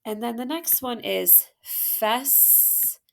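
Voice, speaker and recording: A woman's voice: fairly high pitch, vocal fry. A woman teacher working through a phonics worksheet, patiently sounding out syllables and praising the listener. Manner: patient, encouraging, sounds out words slowly. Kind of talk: phonics lesson walkthrough.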